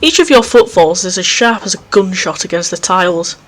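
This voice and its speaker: A man's voice: high voice, expressive, a little fast, fairly bright tone. Jumpy man reading a horror game aloud. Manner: reads game text aloud, breaks off with jumpy, self-mocking asides. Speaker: let's play host. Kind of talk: reading a visual novel aloud with commentary. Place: home recording setup.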